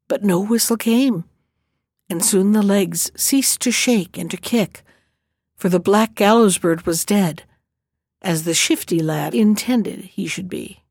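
A woman narrating a storybook tale in a steady, measured way. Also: medium pitch, no echo, studio quality. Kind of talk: storybook reading.

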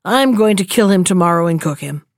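A woman's voice: lowish voice, lively intonation, a little fast. A spiteful old witch from a fairy-tale reading, scolding and jeering, as a woman narrator voices her. The sound is dry and close, with no room echo. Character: wicked old female witch, jeering, cruel.

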